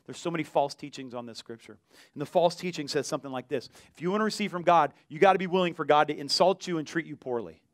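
A male pastor preaching an animated sermon, acting out voices from the story. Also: a little high, fast talker, dry recording, clean studio sound.

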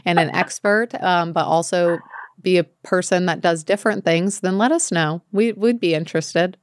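A woman's voice: fairly low pitch, normal speed, no echo, studio quality. A young American woman co-hosting a podcast, chatting casually with lots of filler words and a rambling manner. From United States. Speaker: podcast co-host. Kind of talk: casual chat.

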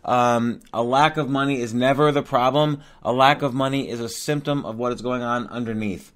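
Man, podcast host, mid-range pitch, hesitant questions, many fillers. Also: fairly even intonation, a bit bright. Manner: halting, hesitant with fillers and restarts. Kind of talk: casual interview questions.

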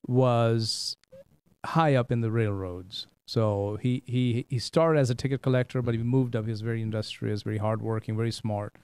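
A middle-aged man from India, hosting a talk show and telling stories in a casual, animated way, often repeating words. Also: mid-range voice, normal speed, clear, resonant tone, no echo. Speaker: host. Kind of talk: casual storytelling chat.

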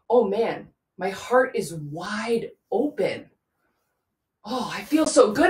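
Bright high female voice, bouncy up-and-down melody, kids' yoga teacher, echoey room, mic off at a distance. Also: very animated, moderate pace. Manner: playful sing-song, talks directly to children. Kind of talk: guiding a children's yoga class. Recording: roomy echo, mic far off.

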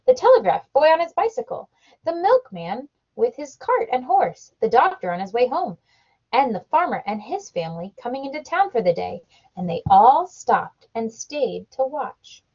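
Husky mother reading a picture book. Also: on the high side, moderate pace. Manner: animated storybook reading with sound effects. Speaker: parent reading to her child. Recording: dull lo-fi home recording.

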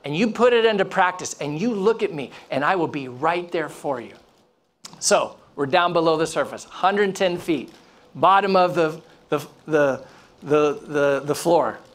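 A man preaching a sermon, telling a story with animation, acting out the people in it and dropping to a hush at times. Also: a little high, animated, unhurried. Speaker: pastor. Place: church.

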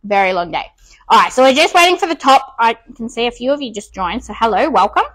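Breathless chatty woman, high voice. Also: animated, fast talker, a bit bright, rough recording. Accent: Australian. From Australia. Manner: chatty, self-talking with many ums. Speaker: furniture restorer hosting a live stream. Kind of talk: casual live-stream chat while working.

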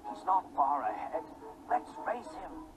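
A man voicing an eager male train driver in a storybook tale, excited and urging the engine on. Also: a little high, a little slow, music in the background, voice pushed up.

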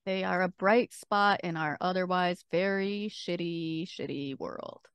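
A woman's voice: fairly low pitch, measured pace, clean tone, no echo. A woman on a tabletop game podcast chatting casually during an ad, with wry gloomy jokes. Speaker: podcast cast member. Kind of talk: casual chat during an ad read.

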